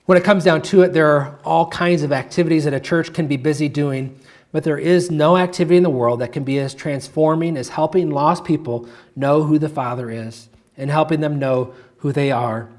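Measured man preaching, hushed on key phrases. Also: a little high, steady tone. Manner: measured storytelling that slows and softens to a hush on key phrases. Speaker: pastor. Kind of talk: sermon with a read-aloud story.

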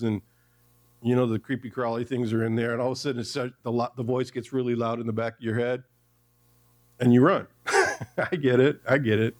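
A man preaching a Sunday sermon in a church. His mid-pitched voice stays conversational, and he often breaks off to ask the congregation questions. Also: a little mellow. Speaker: pastor.

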